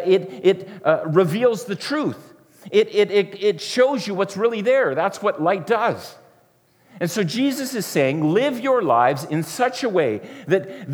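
Casting: male preacher, fairly high voice, earnest sermon delivery with hushed passages, long hall reverb. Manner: earnest, repetitive, often dropping to a soft hush.

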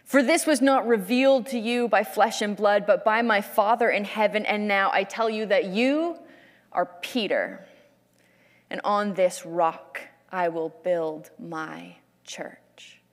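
Woman playing a tired gentle male teacher, slow solemn delivery, long hall reverb. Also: mid-range voice, lightly acted.

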